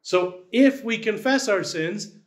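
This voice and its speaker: A man's voice: sits high, animated, takes it slowly. A man, the church's pastor, preaching a sermon in a conversational style, often checking in with "right?".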